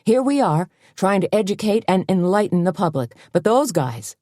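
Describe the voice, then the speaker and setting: A man's voice: sits high, big pitch swings, moderate pace, dark tone, no echo, clean studio sound, pitched above the performer's own voice. A woman voicing a peevish, indignant middle-aged male reporter in an audiobook, sputtering with outrage. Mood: peeved. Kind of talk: audiobook character voice.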